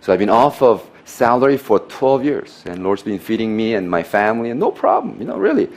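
Animated middle-aged pastor telling stories. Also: male voice, on the low side. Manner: animated storyteller, jokes and laughs at his own lines; loose, halting phrasing with frequent "you know". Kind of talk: sermon with personal testimony.

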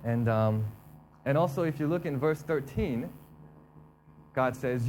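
A man giving a casual, conversational sermon, talking through the text in a relaxed way and often repeating himself. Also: medium pitch, unhurried, long pauses, a little hiss or hum, poor audio. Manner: relaxed, repeats himself, acts out complaining voices. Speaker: preacher.

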